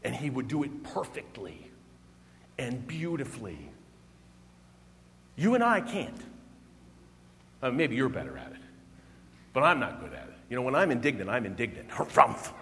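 A man's voice: mid-range voice, normal speed, pauses often, long reverb tail, a little hiss or hum. A man preaching a sermon as pastor, speaking expressively and with emphasis. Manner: expressive, emphatic, acts out quoted voices.

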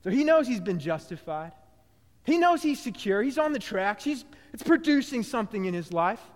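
High-voiced male preacher in a hall. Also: moderate pace. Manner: animated preaching, swinging between loud bursts and quiet low phrases, frequent restarts. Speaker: pastor. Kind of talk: sermon.

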